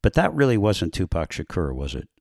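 A man with a low voice interviews an author in an easy, conversational way. His voice sounds dry and close to the mic, with no room echo. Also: huge pitch swings, a little fast, vocal fry, darkish tone. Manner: conversational questions with short reactions.

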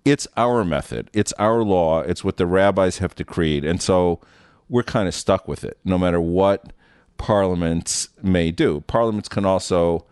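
Male guest commentator, deep and resonant, measured. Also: a little mellow, clear, resonant tone, no echo, clean studio sound.

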